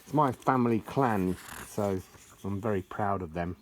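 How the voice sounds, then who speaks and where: A middle-aged man with a fairly low voice, rambling through a book in casual chat. He cracks jokes and chuckles at them, speaking into a camera mic at home. A faint hiss sits under the recording. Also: a little slow. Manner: joking, chatty, laughs at his own jokes. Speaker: vlogger leafing through an old tartan book.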